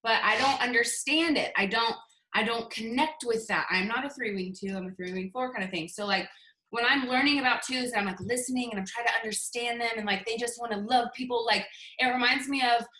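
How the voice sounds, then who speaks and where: A woman leading a casual sales training on a video call, telling animated stories and acting out quotes. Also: on the high side, brisk, echoey room. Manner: chatty, animated storytelling with acted-out quotes. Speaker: team leader giving a sales training.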